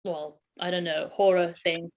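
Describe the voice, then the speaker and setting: A woman chatting casually in a group video call, teasing and quick to laugh. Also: lowish voice, steady tone.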